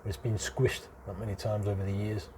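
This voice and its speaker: With a little hiss or hum on the recording, a middle-aged British airgun hobbyist talks briskly in a lowish, darkish voice with a flat delivery. He casually walks viewers through a hands-on repair, chatty and explanatory, letting out chuckles between points.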